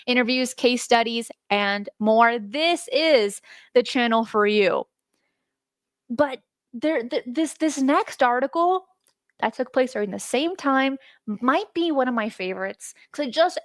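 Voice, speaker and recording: A woman hosting a live stream, chatting excitedly and talking straight to her viewers as she walks through an old case. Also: a little high, dry recording. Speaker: host.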